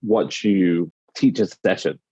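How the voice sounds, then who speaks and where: A man's voice: low-pitched, slow pace, dark tone, breathy edge, dry recording. A British man, a dialect coach, explaining his work in conversation and acting out quoted phrases. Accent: British English. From United Kingdom. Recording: slightly dull lo-fi sound.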